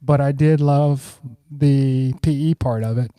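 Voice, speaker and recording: A middle-aged man talks as a podcast guest, easygoing and unhurried, sometimes acting out the voices of old friends. His voice is dark and mellow. The sound is dry and close, with no room echo. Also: mid-range voice, clear, resonant tone. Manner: relaxed, warm, acts out quoted friends. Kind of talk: casual storytelling.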